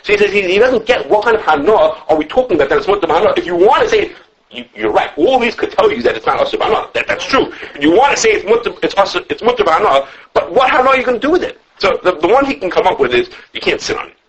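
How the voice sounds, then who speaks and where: A man who teaches a class on religious law. He lectures with lively animation, thinks aloud, restarts his sentences, and quotes his sources as he takes questions from students. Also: sits high, fast talker, husky, muffled recording. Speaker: rabbi teaching a halacha class.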